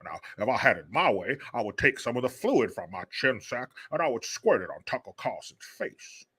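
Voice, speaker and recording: A man doing a mocking impression of a smug, grotesque old male senator, speaking in a slow, mumbling drawl. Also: medium pitch, sing-song, a bit bright, slightly rough, voice pushed down.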